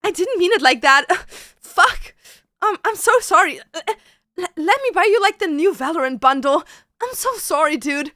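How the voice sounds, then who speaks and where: A woman's voice: animated, normal speed, sharp tone, no echo, clean studio sound, full character voice. A woman voicing a cutesy, whiny young girl who pleads and sighs while apologizing. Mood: pleading. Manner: squeaky, pleading, sighing.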